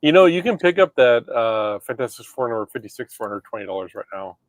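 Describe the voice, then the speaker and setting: A man with a mid-range voice answers viewer questions with facts, pausing often on "uh". The recording is dry and close. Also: mid-range voice, sing-song, no room sound. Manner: informative, hesitant with fillers. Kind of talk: casual chat about comic prices.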